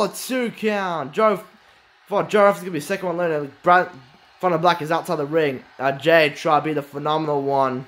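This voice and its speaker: A man with a light lilt giving excited play-by-play commentary on a wrestling video game, exclaiming and swearing often. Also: a little high, a little fast.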